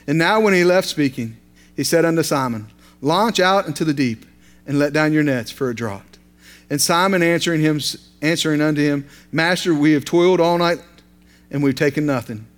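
Brief: male lay preacher, high voice, sermon delivery, repeats lines for emphasis. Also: moderate pace. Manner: repetitive, building emphasis, folksy asides.

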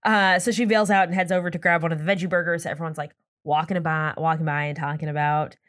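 Deep-voiced and fast-talking, this woman co-hosts a casual podcast, reading plot summaries in a giggly, animated way and laughing often. The recording is dry and studio quality.

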